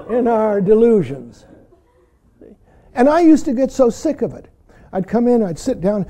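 A man teaching as a Zen teacher, his voice very mellow and dark with a lively, swinging pitch. He talks bluntly and teasingly, chuckling now and then and peppering his points with "see". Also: moderate pace, pauses often. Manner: repeats "see" often, blunt and teasing, laughs. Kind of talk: dharma talk.

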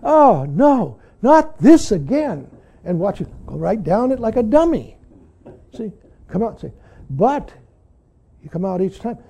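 A man's voice: sits high, big pitch swings, moderate pace, vocal fry, pauses often, mellow, breathy edge. An older man, a Zen teacher, giving an earnest dharma talk that keeps returning to "see". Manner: earnest, frequently says "see".

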